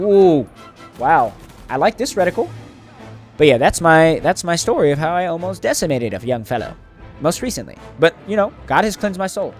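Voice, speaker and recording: Animated man commenting on gameplay. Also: a little high, moderate pace, soft background music. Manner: animated, trash-talking, boastful in bursts. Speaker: gaming channel host.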